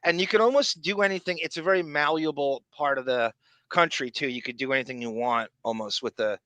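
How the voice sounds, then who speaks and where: A man from Long Island co-hosting a podcast, talking in an animated, excitable way with frequent restarts. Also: mid-range voice, a little fast, dry recording. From Long Island, New York. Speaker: podcast co-host. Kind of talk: casual chat.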